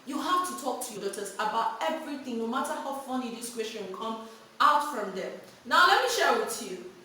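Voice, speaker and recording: Lady vlogging, kinda high voice, frank and animated, room super echoey and mic far off. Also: brisk, slight background noise. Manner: animated, frank, laughs while telling stories. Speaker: vlogger giving parenting advice. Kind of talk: candid storytelling and advice monologue.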